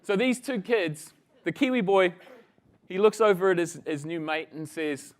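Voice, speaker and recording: Casual male speaker with a slightly high voice, audience-engaging conference presenter. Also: normal speed. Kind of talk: conference talk with storytelling.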